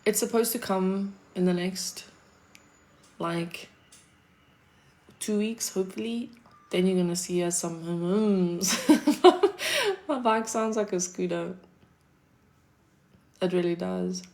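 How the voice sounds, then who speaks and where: A woman's voice: on the low side, steady tone, slow, long pauses, a little mellow. A South African woman chatting casually on a livestream, answering her chat with a laid-back manner, frequent laughs and casual swearing.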